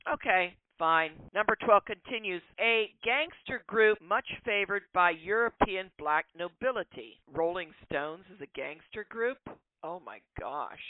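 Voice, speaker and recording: A woman's voice: medium pitch, measured pace, no echo. Podcast host lady on a rant, lots of rhetorical questions, sounds like she's on a phone line. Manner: animated, ranting, full of rhetorical questions. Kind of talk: opinionated monologue. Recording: tinny phone-like line, dry.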